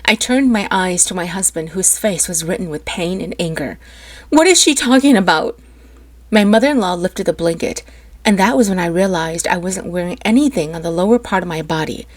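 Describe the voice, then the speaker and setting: A woman's voice: fairly low pitch, brisk, darkish tone. A woman narrating a first-person story with an emotional, dramatic delivery.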